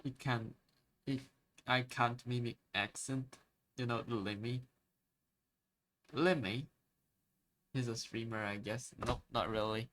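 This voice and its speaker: A man chatting casually on a live art stream, speaking at a middle pitch. He keeps stammering and restarting while hunting for the right word. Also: takes it slowly, pauses often, fairly bright tone, slight background noise. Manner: hesitant, stammering, searching for words.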